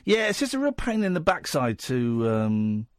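A man's voice: medium pitch, huge pitch swings, moderate pace, no room sound, studio quality. A middle-aged man hosting a late-night radio chat show, teasing his co-hosts with mock-angry outbursts. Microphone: studio mic.

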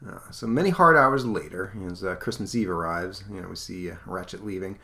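A man's voice: sits low, brisk, vocal fry, few pauses, pushed and bright. Guy hosting a comic podcast, rambly, lots of um and you know. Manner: rambling, many fillers. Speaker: podcast host. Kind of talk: casual comic book chat.

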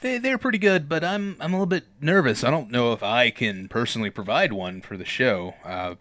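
Male host, bright forceful tone, dry close mic, sheepish and self-mocking. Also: mid-range voice, animated, fairly quick, no echo. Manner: self-deprecating, nervous, laughs easily. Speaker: podcast co-host. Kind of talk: casual chat.

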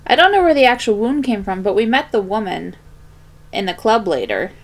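A woman's voice: medium pitch, big pitch swings, a little fast. A woman co-hosting a casual movie review chat, blunt and teasing with a sarcastic edge. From Philadelphia. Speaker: podcast co-host.

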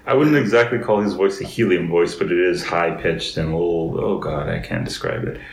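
Man, deep voice, faint hiss, casual chat, patient explainer. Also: sing-song, brisk, vocal fry. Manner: steers the talk, explains and corrects patiently. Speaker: podcast host. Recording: roomy echoey room.

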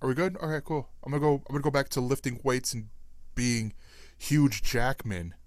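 A man doing a quick impression of an easygoing male Australian movie star, in a put-on Australian accent he calls poor. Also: medium pitch, no room sound, lightly acted. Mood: breezy. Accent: put-on Australian, self-described as poor.

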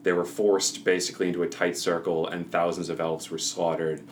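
A man with a low voice runs a tabletop role-playing game and narrates the scene for his players. He tells it in a relaxed, rambling way, with fillers and laughs along the way. A faint hiss sits under the recording. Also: fairly quick. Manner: laid-back storytelling with frequent fillers and laughs. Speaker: game master.

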